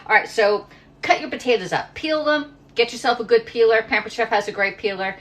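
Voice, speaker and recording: A woman's voice: a little high, brisk, fairly bright tone. A middle-aged woman from Pennsylvania chatting casually while cooking in her home kitchen, rambling and reading viewer comments aloud. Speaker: livestream cooking host.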